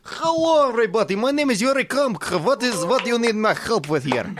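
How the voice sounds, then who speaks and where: A man playing a comic Russian character with an exaggerated put-on Russian accent and a rough, cold-like throat. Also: very high voice, lively intonation, fairly quick, fairly bright tone. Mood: hammy. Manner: hammy, joking, gravelly cold-like throat sound.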